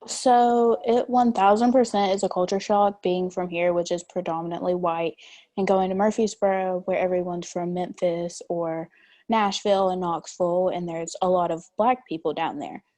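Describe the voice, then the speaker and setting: A woman's voice: lowish voice, fairly even intonation, normal speed, dark tone. A young woman with an East Tennessee country accent, speaking candidly as a panelist in an online discussion and telling stories. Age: young adult. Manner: candid and storytelling. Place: video call.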